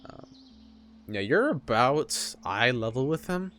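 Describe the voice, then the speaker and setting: A man's voice: mid-range voice, big pitch swings, takes it slowly, a bit bright, slight background noise. A man running a tabletop game as game master, narrating casually in a loose, meandering way with frequent fillers.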